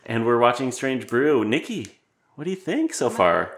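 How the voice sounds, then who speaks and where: A man's voice: mid-range voice, very animated, moderate pace, a bit bright. Jokey man with mock-serious claims. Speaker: podcast co-host. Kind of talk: casual chat.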